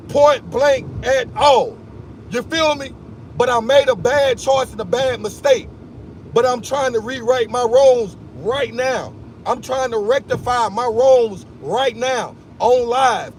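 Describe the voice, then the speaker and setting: A man live-streaming from his car, talking excitedly and emphatically to his chat in slang. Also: very high voice, slight background noise. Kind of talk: casual live-stream rant. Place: in a car at a gas station.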